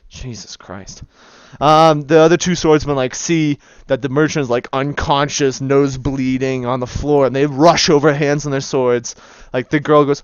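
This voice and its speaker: A man's voice: a little high, steady tone, normal speed, smooth, dry recording, lo-fi sound. A man narrating as game master of a tabletop game, casual and laughing often. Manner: casual, laughing, voices many figures.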